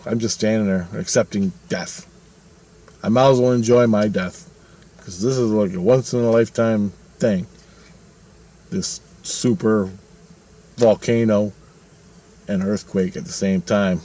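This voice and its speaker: Profane, rambling middle-aged man. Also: fairly low pitch. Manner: profane, rambling, animated retelling. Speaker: vlogger. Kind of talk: casual storytelling monologue.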